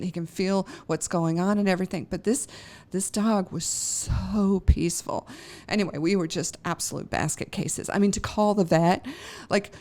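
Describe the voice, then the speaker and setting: A middle-aged woman tells a personal story on her podcast. She rambles and restarts, laughing through the emotion, in a voice of ordinary pitch for a woman. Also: a little mellow. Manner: emotional, laughs often, many fillers and restarts. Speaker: podcast host. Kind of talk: casual storytelling.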